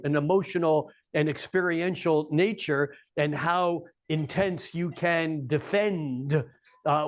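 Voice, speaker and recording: Speaking to a live audience in a coffeehouse, a male astrologer with a slightly high-pitched voice explains things in a relaxed manner. He slips in wry, joking asides.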